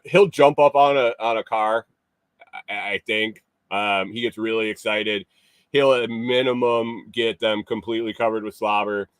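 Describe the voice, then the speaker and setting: A man's voice: lowish voice, dry recording. A man hosting a morning show, telling a casual story in a rambling way with many fillers and restarts.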